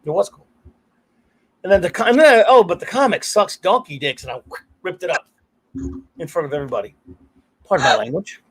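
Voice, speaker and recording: A man's voice: sits high, animated, brisk, long pauses, husky, faint music behind. A middle-aged man hosting a casual live stream, telling rambling stories, cursing freely and laughing often. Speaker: podcast host.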